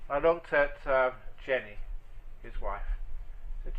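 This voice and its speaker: Bright clear-toned monk guy telling stories at a dharma talk, goes soft and hushed on the tender bits. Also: mid-range voice, sing-song, moderate pace, long pauses, poor audio. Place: meditation group hall.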